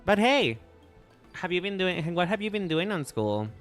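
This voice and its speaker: A man with a Mexican accent chats on his live stream, playful and rambling, often restarting his sentences. His pitch swings a lot while he talks. Soft music plays behind him. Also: sing-song, moderate pace. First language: Spanish. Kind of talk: casual live-stream chat. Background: faint music.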